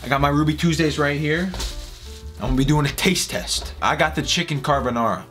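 A man's voice: a little high, fairly quick, over music. A young man vlogging for comedy, goofy and hyping up his lines. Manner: goofy, hypes every line up. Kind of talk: comedic vlog and reaction.

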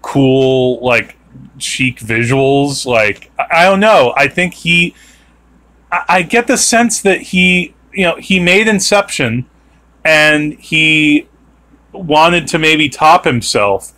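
A man's voice: on the high side, takes it slowly, sharp tone. A man hosting a podcast, chatting casually and rambling with many fillers and restarts. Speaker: podcast host. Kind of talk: casual chat.

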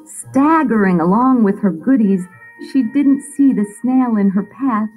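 Lively woman narrator for a picture book, music faint. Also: fairly high pitch, measured pace, poor audio. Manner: expressive storytelling. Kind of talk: children's story read-aloud.

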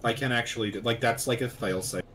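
A man's voice: mid-range voice, fast talker, a bit bright, a little hiss or hum. A man co-hosting a game stream, talking casually with a rambling manner and many fillers. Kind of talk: casual chat while gaming.

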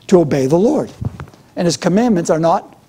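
A man's voice: high-pitched, animated, moderate pace, mellow, slight background noise. A middle-aged man preaching a sermon as pastor, with a fervent, repetitive preaching cadence.

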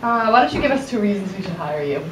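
A polite, patient female job interviewer, played by a teenage girl who asks her questions haltingly. She sounds distant, in a school room with a lot of noise and echo. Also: mid-range voice, lively intonation, close to an everyday voice. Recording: echoey room from far, noisy.

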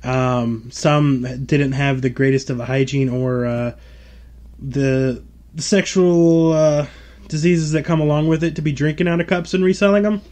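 A man's voice: a little high, fairly even intonation, unhurried, a little mellow. A man hosting a podcast who recounts stories in casual chat, hesitant and full of fillers. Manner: hesitant, filler-heavy, laughing. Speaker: podcast host.

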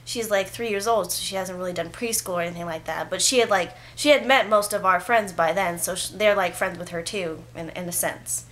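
A young woman telling a story to camera in a casual vlog. She chats loosely, leans on lots of "like" fillers, and grows animated as she retells it. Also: lowish voice, fairly quick, hardly any pauses. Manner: chatty, filler-heavy with frequent "like". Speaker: vlogger.

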